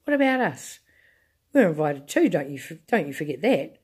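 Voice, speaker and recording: A woman's voice: very animated, normal speed, darkish tone, slightly rough, heavily acted. A woman voicing a fretful, wailing old grandmother in a storybook reading. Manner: shrill, wailing complaints.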